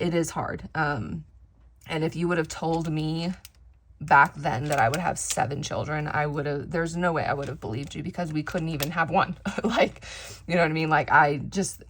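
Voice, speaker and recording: A woman's voice: sits low, fairly even intonation, moderate pace. A woman in her thirties chatting candidly while crafting, rambling with many fillers and restarts, her voice slightly crackly from dry air. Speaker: craft vlogger. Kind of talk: casual chat while crafting.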